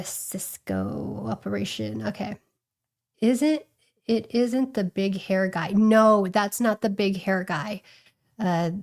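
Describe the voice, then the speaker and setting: A woman's voice: medium pitch, vocal fry, a little mellow. A woman hosting a casual livestream, chatting and thinking aloud with lots of fillers and restarts. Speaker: livestream host.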